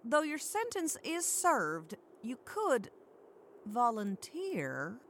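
A woman's voice: on the high side, wildly swooping pitch, drawn-out words, slight background noise, full character voice. A woman playing a shrewd, kindly small-town sheriff in an audio drama, with folksy country talk that teases and commands. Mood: firm.

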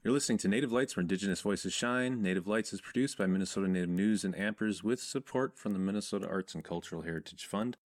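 A man hosting a radio program, reading the station intro in a measured, announcing way and then chatting with his guest. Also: fairly low pitch. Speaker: radio host. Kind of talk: radio host intro and chat.

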